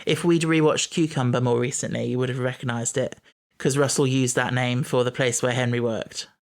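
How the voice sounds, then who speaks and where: A man in his thirties, talking in a relaxed, conversational way as a podcast co-host. He explains the details of a story with easy confidence and now and then teases his co-host. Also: medium pitch, brisk. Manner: knowledgeable, explains lore, teasing. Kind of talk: casual chat.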